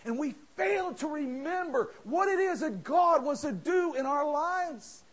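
Brief: fiery male pastor, high-pitched, shouts through the sermon. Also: expressive, a little slow. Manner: impassioned, shouting, calls listeners friends. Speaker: preacher. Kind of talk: fervent sermon.

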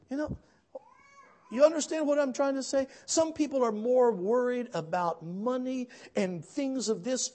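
A man preaching a sermon, telling folksy stories with asides to the congregation and building to loud, emphatic peaks. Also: high-pitched. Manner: storytelling, swells to shouts at climaxes.

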